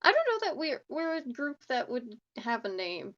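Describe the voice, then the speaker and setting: A woman's voice: high-pitched, big pitch swings, moderate pace, a bit bright, lo-fi sound, a little hiss or hum. A woman who plays in a tabletop game, chatting in an amused, giggly way after the session. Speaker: player. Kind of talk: casual post-game chat.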